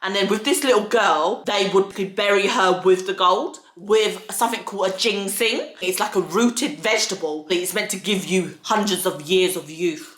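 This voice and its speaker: Young woman vlogger, crisp bright tone, roomy echo, casual storytelling. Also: medium pitch, normal speed, few pauses. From United Kingdom. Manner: earnest, candid, slangy retelling. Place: home filming set.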